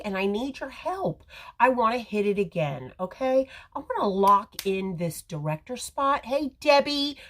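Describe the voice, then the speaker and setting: Chatty woman with a lively voice. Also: a little high. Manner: chatty, rambling, talks to viewers. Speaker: makeup livestream host. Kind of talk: casual live makeup tutorial. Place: home or salon with ring light. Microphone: phone camera.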